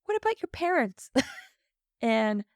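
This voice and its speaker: A woman co-hosts a casual podcast recap, her voice sitting a little high and bouncing through a wide, lively range. She laughs often and slips into quick character impressions. The sound is close and dry, with no room around it. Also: dry recording. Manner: animated, laughs often, acts out characters' lines. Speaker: podcast co-host. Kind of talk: casual episode recap chat.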